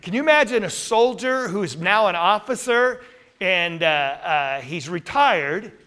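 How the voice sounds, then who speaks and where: Guy leading a bible study, high bright voice, keeps quizzing the class. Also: animated, a little slow. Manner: asks the class questions and reads scripture aloud.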